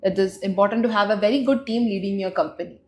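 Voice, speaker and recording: A woman interviewer at a mid-range pitch asks polite questions and keeps the guest talking with short, encouraging acknowledgements. Her voice rings in a noticeably echoey room. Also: fast.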